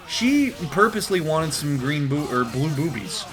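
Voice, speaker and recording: Comedy host reading a comic: profane, rambling, very expressive pitch. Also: male voice, moderate pace, hardly any pauses, faint music behind. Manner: rambling, profane, deadpan asides.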